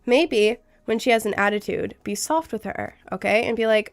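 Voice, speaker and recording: A woman's voice: on the high side, moderate pace, hardly any pauses. A young adult woman streamer, chatting casually and earnestly giving relationship advice to her chat, with lots of fillers.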